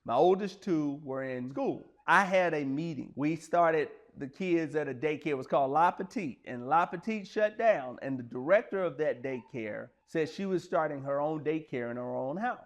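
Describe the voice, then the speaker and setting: A man's voice: on the high side, animated, moderate pace, few pauses. A man, telling personal stories in an earnest, plain-spoken, conversational way to motivate listeners. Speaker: speaker sharing personal stories. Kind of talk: motivational storytelling monologue.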